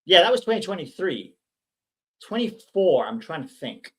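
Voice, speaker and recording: Young male streamer, higher voice, rambles through chat questions. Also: sing-song, moderate pace, fairly bright tone, husky. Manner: chatty, rambling, reads viewer comments aloud. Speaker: watch-along host reading chat. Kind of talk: casual live-stream chat.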